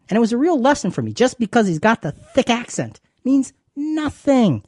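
Guy hosting a faith talk show, mellow dark voice, dry sound, chatty and repeats himself. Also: extremely high pitch, big pitch swings, moderate pace, hardly any pauses, no room sound. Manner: chatty, repeats words, restarts often. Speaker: co-host.

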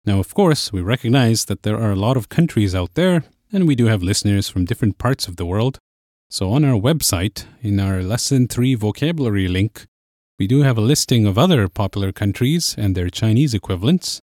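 A man's voice: lowish voice, lively intonation, fairly quick, darkish tone, dry recording. Patient male language teacher, dry sound. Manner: patient, explaining step by step. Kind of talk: podcast language lesson.

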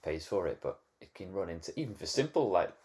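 Low-voiced British co-host, jokey and bantering, casual chat. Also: male voice, sing-song, quick pace, darkish tone. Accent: British English. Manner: jokey, banters and laughs often. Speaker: podcast co-host.

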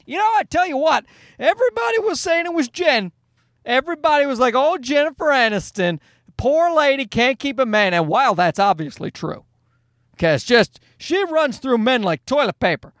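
A man hosting his podcast alone from home, rambling through a jokey, sarcastic monologue with quick asides. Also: high-pitched, no echo, studio quality. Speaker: podcast host. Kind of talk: casual comedic monologue.

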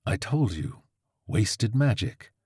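A man voicing a sardonic male crow familiar with a slow, drawling, dire delivery. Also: on the low side, very animated, warm tone, husky, no room sound, studio quality, full character voice. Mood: smug.

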